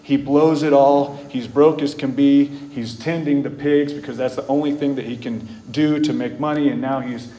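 A man preaching a sermon, retelling scripture stories in an earnest way, rising loud and bold, then dropping soft and slow. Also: medium pitch, steady tone. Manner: earnest storytelling, swings between loud bold stretches and soft slow ones. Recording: echoey room with faint ambience.

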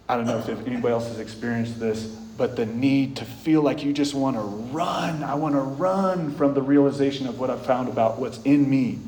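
A man preaching a sermon, retelling scripture stories in an earnest way, rising loud and bold, then dropping soft and slow. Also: mid-range voice, a little hiss or hum. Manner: earnest storytelling, swings between loud bold stretches and soft slow ones. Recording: echoey room with faint ambience.

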